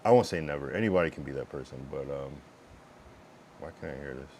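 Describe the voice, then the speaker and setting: A man with a very deep, low voice talks loosely to his stream chat. He rambles with plenty of fillers and curses bluntly, and he breaks off to fiddle with his streaming setup. A faint hiss sits under the recording. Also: lively intonation, quick pace, darkish tone. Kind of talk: casual livestream chat.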